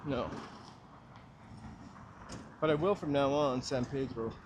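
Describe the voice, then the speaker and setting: A man's voice: medium pitch, slow, noisy background. Chatty man on a street walk. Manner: rambling, chatty and joking. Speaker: walking livestream host. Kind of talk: casual chat while walking. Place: outdoors on a city street. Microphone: small mic clipped to hat brim.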